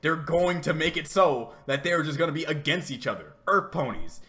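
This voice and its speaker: A man giving a rambling, animated reaction commentary, laughing often and repeating himself as he talks. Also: fairly high pitch, normal speed. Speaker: reaction video host.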